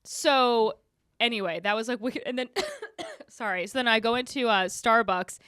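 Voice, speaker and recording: A woman's voice: fairly high pitch, moderate pace, fairly bright tone, smooth, dry recording, clean studio sound. A young woman co-hosting a podcast, chatting casually, laughing often and swearing freely. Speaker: podcast co-host. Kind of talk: casual chat.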